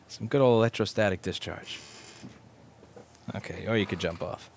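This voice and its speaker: Low-voiced new york guy, wry jokey stream talk while fixing a laptop, swears a lot. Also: moderate pace, long pauses, slight background noise. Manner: wry, joking, swears casually. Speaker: repair technician streaming his work. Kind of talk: casual live-stream chat while working.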